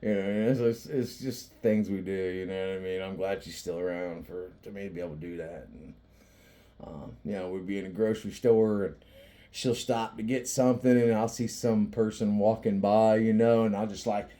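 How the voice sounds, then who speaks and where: A man's voice: fairly low pitch, fairly even intonation, normal speed, warm tone. A man talking in a casual, rambling monologue, joking and cursing a lot and often laughing as he goes. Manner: rambling with frequent restarts and fillers. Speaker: vlogger.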